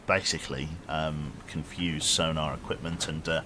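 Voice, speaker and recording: A man's voice: a bass voice, fairly even intonation, moderate pace, pushed and bright. A man streaming a submarine game, chatting casually with dry, self-mocking humor. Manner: rambling, wry, self-mocking. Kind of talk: casual live-stream commentary. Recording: noisy background hum.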